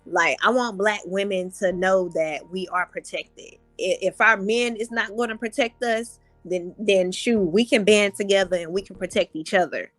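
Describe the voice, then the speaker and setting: A woman's voice: mid-range voice, normal speed, few pauses, fairly bright tone, dry recording, soft background music. A woman in her thirties, a podcast guest talking candidly and expressively, acting out her own thoughts as quotes. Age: 30s. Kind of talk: casual candid conversation.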